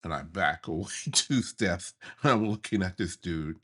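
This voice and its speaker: Deep husky man telling a childhood story. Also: unhurried. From USA. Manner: animated, chuckles while telling. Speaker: podcast host. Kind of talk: memoir storytelling podcast.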